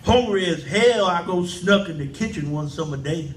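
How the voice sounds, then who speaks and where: A man's voice: high-pitched, animated, moderate pace, distant mic, slight background noise. A man giving a live poetry reading in folksy dialect. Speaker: poet. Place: indoor event room. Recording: echoey room, faint ambience.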